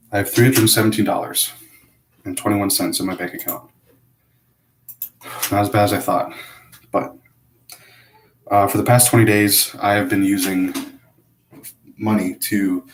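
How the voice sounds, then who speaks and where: A man talking to camera in a hesitant, self-critical confessional monologue, full of pauses and restarts. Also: sits low, flat delivery, echoey room, a little hiss or hum, rough recording. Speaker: vlogger.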